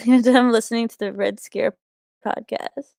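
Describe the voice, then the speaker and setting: A woman's voice: on the high side, fairly even intonation, a little slow, vocal fry, dark tone, dry recording, clean studio sound. A woman hosting a livestream from a small attic, rambling casually with self-mocking humor and upspeak as she reads chat. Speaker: livestream host reading chat. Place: small attic in an old house.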